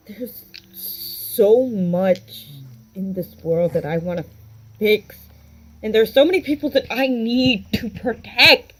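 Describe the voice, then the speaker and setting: A woman voicing a young man who is lost and angry, talking in an anxious, halting way about the people he must protect. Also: lowish voice, dark tone, breathy edge, heavily acted, rough recording.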